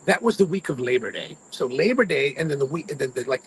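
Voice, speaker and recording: A man's voice: on the high side, animated, brisk, a little hiss or hum, rough recording. A man hosting a cigar review, chatting casually to live viewers and rambling through personal stories. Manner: rambling storyteller, mimics his own grumbling.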